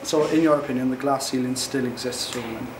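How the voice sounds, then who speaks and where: A man's voice: mid-range voice, fairly even intonation, quick pace. A young man interviewing a guest as a student, asking hesitant questions with many ums. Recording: distant mic in echoey noisy room.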